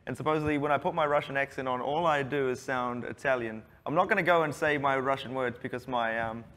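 A man's voice: medium pitch, fast talker, fairly bright tone. A man casting an esports match in casual banter, joking at his own expense and laughing a lot. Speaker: esports caster.

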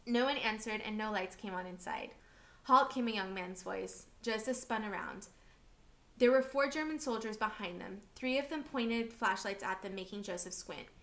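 A woman reading a novel aloud for a class, steady and expressive. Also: medium pitch, normal speed.

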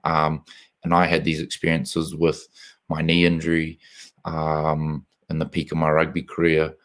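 A man hosting a casual live interview, talking in a reflective, measured way with plenty of fillers, on a video call. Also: a bass voice, completely flat delivery, fairly bright tone. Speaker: host, former rugby player.

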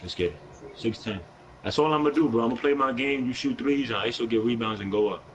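A man's voice: mid-range voice, quick pace, slight background noise, poor audio. A young man with a New York accent, live-streaming a basketball video game, talking in brash, profane trash talk with an aggressive edge. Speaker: gaming streamer.

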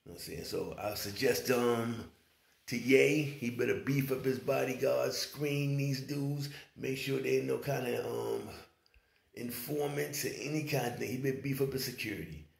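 A man's voice: medium pitch, moderate pace, vocal fry, roomy sound. A man talking in a casual commentary vlog, rambling and often asking whether you follow him. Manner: rambling, keeps saying "you know what I'm saying". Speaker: online commentator.

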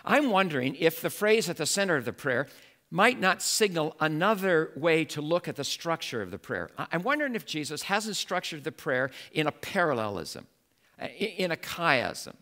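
A male pastor preaching a sermon in an animated way, building to emphatic exclamations. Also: on the high side, moderate pace.

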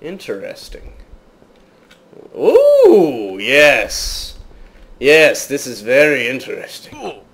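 A man's voice: mid-range voice, slow, pauses often. A man giving let's play commentary in a jokey mock British accent, chatting to viewers and yelping at sudden threats in the game. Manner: startled yelps and exclamations at game threats; talks to viewers as "guys". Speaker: gaming channel host.

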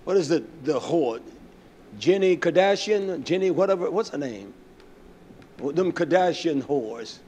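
Animated high-voiced male preacher. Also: measured pace, slight background noise. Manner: emphatic, rising to shouts. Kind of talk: sermon.

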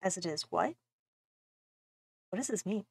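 A woman's voice: medium pitch, huge pitch swings, unhurried, vocal fry, slightly rough, no echo. A young woman streaming a game playthrough, playful and chatty, thinking aloud as she plays.

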